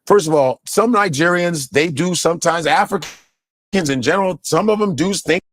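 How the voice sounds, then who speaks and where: A man telling stories in a casual chat, animated and profane, laughing often and slipping into mock voices. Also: on the high side, normal speed. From United States.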